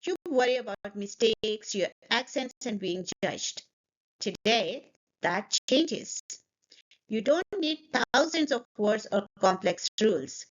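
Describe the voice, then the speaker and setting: Slow, lively English teacher woman. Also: mid-range voice, lo-fi sound. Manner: repeats each sentence twice, explains intonation. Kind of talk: slow, clear pronunciation lesson.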